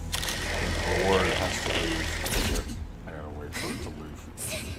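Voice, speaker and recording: A man's voice: low voice, flat delivery, slow, long pauses, very noisy. A young man livestreaming and chatting casually while he plays, ranting in a profane, exasperated way. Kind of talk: casual chat while gaming.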